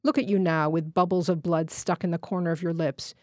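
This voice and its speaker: A proud wounded workman, hard and indignant, refusing any forgiveness, as a woman reads his lines. The delivery is low-pitched and sounds dry and close. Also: fairly even intonation, fairly quick, darkish tone, dry recording, close to an everyday voice. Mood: unforgiving. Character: proud wounded male electrician, bitter and unforgiving. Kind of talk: literary reading.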